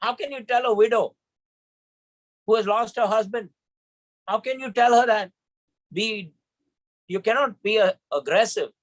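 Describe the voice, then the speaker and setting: A man's voice: high voice, unhurried, pauses often, no echo, low-quality recording. A man telling a personal story emphatically as a trainer in an online session.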